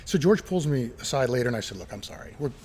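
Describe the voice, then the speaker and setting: A middle-aged man, a retired air traffic controller and pilot, telling lively stories as an interview guest and acting out what people said, recorded in an old airport building by a runway. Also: medium pitch, fast. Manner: animated, acts out quoted dialogue. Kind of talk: casual interview storytelling. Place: former airport terminal building near a runway.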